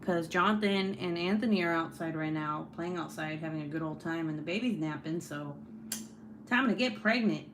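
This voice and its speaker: A woman's voice: deep voice, normal speed, background noise. A young woman hosting a casual book club live stream, chatty and often laughing as she reads viewer comments aloud.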